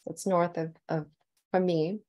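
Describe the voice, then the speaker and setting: A woman's voice: lowish voice, level tone, moderate pace, darkish tone. A woman calligraphy teacher telling her story in a heartfelt, enthusiastic presentation over a video call.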